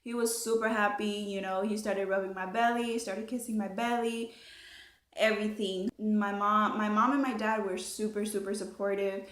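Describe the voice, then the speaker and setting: A young woman telling her story in a casual, animated way, full of fillers and swearing. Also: medium pitch, normal speed. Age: young adult. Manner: chatty, animated, swears freely, many fillers. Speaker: vlogger. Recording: echoey room.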